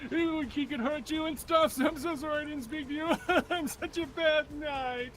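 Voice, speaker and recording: A man voicing a tearful young male knight who sobs out apologies in a high, strained voice. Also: moderate pace, fairly bright tone, a little hiss or hum. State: crying. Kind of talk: tabletop role-play.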